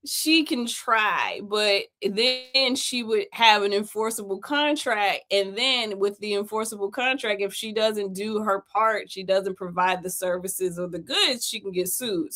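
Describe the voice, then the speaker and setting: A woman's voice: on the high side, pushed and bright. A woman hosting a livestream, talking in a blunt, mocking way and laughing often as she goes through documents for her viewers. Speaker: host. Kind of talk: livestream commentary.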